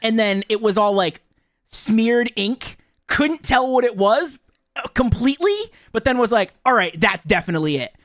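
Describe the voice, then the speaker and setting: A man's voice: sits high, animated, normal speed, fairly bright tone, no room sound, studio quality. A man co-hosting a casual podcast about a video game, joking and laughing often as he talks. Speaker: podcast co-host.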